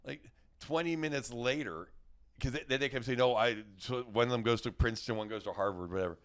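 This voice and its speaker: Brisk and mid-range in pitch, this middle-aged man is a guest comedian spinning rambling stories in casual conversation. He restarts his sentences often and performs the quotes of the people involved.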